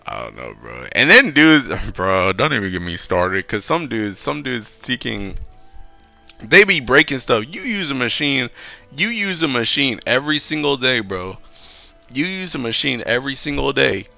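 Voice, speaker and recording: Animated, gravelly-voiced man ranting on stream. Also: mid-range voice, normal speed, lo-fi sound, faint music behind. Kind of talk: casual chat.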